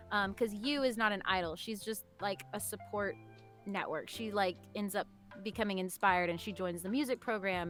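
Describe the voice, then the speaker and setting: A woman's voice: mid-range voice, a bit bright. A woman voice director chatting casually on a panel, bubbly and full of "like" and laughter.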